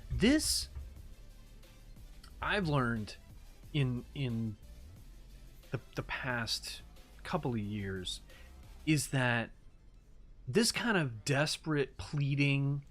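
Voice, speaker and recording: A man's voice: mid-range voice, very animated, very slow, pauses often, a bit bright, faint music behind. A man giving casual reaction commentary, incredulous and rambling, swearing now and then. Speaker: YouTube commentator.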